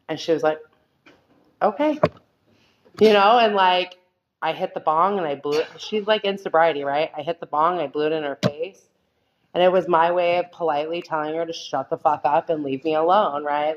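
A woman's voice: low voice, lo-fi sound. A woman sharing her recovery story at a meeting, candid and rambling, full of fillers and restarts. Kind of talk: personal testimony talk.

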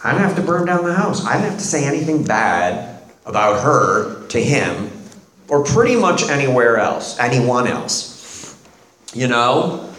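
Middle-aged man sharing his story, unhurried but lively, self-mocking humor, echoey room. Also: on the high side, slight background noise. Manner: animated, self-deprecating storytelling with laughs. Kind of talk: personal recovery talk.

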